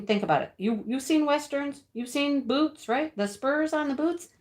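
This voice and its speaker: A breathless, chatty storyteller. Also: female voice, high-pitched. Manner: breathless, dramatic, giggling storyteller. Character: chatty middle-aged woman telling a rooster story. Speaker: livestream storyteller. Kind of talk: sketch comedy monologue to viewers. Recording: roomy echo.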